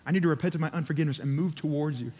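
Male pastor, fervent preaching, slightly high voice, long church-hall echo. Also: rapid-fire, darkish tone. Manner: fervent, urging, repeats phrases. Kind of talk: sermon. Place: church auditorium.

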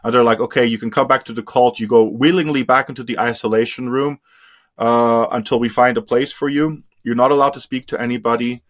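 A man's voice: mid-range voice, fairly even intonation, fairly quick. A man telling his story as an interview guest, candid and casual, swearing freely and often trailing into fillers.

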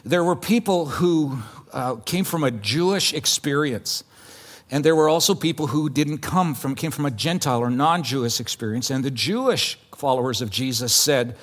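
Earnest middle-aged man preaching, slightly high voice. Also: expressive, moderate pace. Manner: earnest, emphatic, conversational preaching with hushed intense asides. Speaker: pastor. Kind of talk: sermon.

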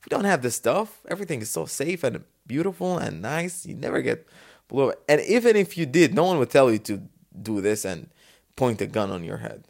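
A man from Dubai hosting a solo podcast, talking off the cuff in a casual, animated way and acting out the voices in his stories. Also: mid-range voice, brisk, gravelly. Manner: casual, animated storytelling, acts out quotes. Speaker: podcast host. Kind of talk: unscripted solo podcast talk.

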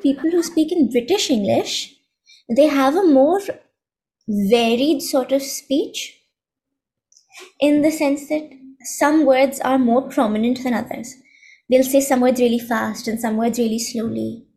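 A woman's voice: high voice, a little slow, warm tone. A thirteen-year-old girl answering podcast questions thoughtfully, with some hesitation. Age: teens. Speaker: guest. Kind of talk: casual chat.

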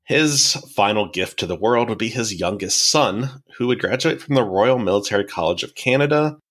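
A man with a fairly low voice narrates history on a podcast, laying out events in a casual, explanatory way. He slips in wry, dry jokes between the facts and keeps an easy conversational tone. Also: animated, moderate pace, a bit bright. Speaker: podcast host.

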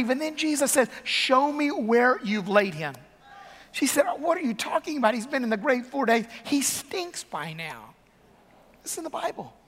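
A man preaching a sermon as pastor to a large congregation, impassioned and building to shouts. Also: extremely high pitch. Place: large church hall. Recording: long reverb of a large hall.

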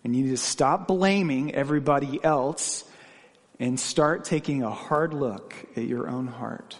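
A man's voice: mid-range voice, measured pace, in a large hall. A man preaching a sermon, asking the congregation questions and telling stories from his own life. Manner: questioning, earnest, personal anecdotes. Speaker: pastor.

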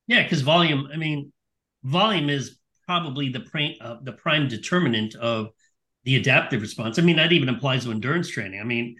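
Bright-voiced male podcast host. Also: mid-range voice, a little fast. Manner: thoughtful, restarts his sentences. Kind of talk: casual podcast conversation.

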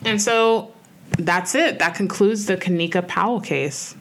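A woman's voice: mid-range voice, measured pace, a bit bright, slight background noise. A woman co-hosting a podcast in casual conversational chat, earnest and reflective, with frequent "like" and "you know" fillers. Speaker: podcast co-host.

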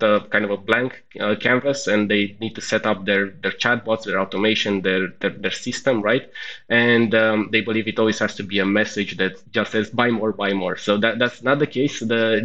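A man answering as a guest on a podcast, explaining things step by step, often checking in with "right?" and pausing on "uh". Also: fairly low pitch, a bit bright, lo-fi sound. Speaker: podcast guest, customer success executive. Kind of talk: conversational interview answers.

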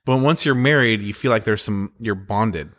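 A man's voice: on the low side, moderate pace, a bit bright. A man in his forties co-hosting a podcast, telling family stories in a candid, rambling way. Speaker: podcast co-host. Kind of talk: casual storytelling chat.

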